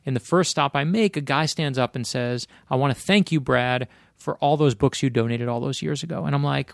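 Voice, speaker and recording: A man with a gravelly, fry-laden voice tells personal stories in a close, dry sound. He is from Florida and talks as an author guest in a casual conversation, speeding up as the stories build. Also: on the high side, fairly quick, dry recording. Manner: animated anecdotes, speeds up in bursts.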